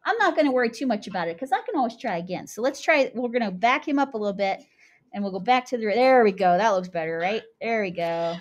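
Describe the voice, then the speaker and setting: A young woman teaching young children, animated and sing-song as she chants rhymes and talks through each step. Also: medium pitch, fast talker. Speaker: kindergarten teacher.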